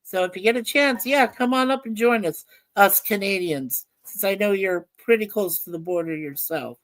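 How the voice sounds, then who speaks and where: A woman's voice: medium pitch, normal speed, dry recording. Woman, casual livestream co-host, frequent laughter, reads viewer comments aloud. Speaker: livestream co-host reading chat. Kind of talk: casual chat.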